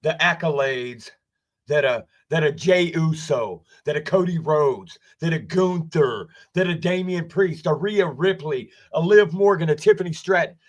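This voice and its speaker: Man, angry profane rant, high voice, slow delivery, basement stream. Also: highs cut off. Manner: angry, swearing, repeating "right?". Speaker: wrestling streamer. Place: home basement.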